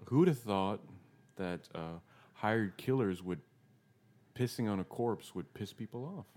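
A man's voice: on the low side, a little slow, a little mellow. A man co-hosting a podcast in casual chat, rambling and wry, often restarting his sentences. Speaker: podcast co-host.

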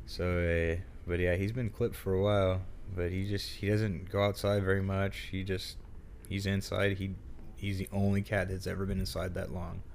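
A man's voice: sits low, flat delivery, moderate pace, vocal fry, a little mellow, a little hiss or hum. A man co-hosting a podcast in casual chat, joking crudely and swearing often. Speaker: podcast co-host.

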